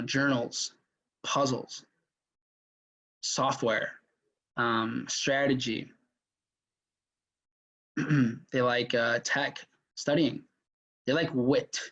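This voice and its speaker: Male workshop mentor, mid-pitched, casual and rambling, recorded on a muffled, lo-fi track. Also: fairly bright tone. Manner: chatty, filler-heavy, with frequent restarts. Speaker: mentor teaching a sales workshop. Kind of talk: casual live workshop lecture. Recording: dull lo-fi audio.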